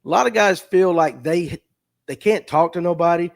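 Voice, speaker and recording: On a livestream through a streaming mic, a middle-aged tackle shop owner from the US South speaks earnestly and emotionally, repeating himself and close to tears. His voice is a little high and gravelly, at a moderate pace, in heartfelt, casual talk.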